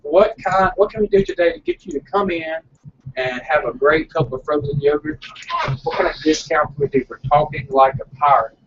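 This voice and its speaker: A man's voice: fairly high pitch, very animated, moderate pace, husky, far from the mic, highs cut off. A man who owns a small frozen yogurt shop, chatting earnestly and a bit rambling on a casual live broadcast.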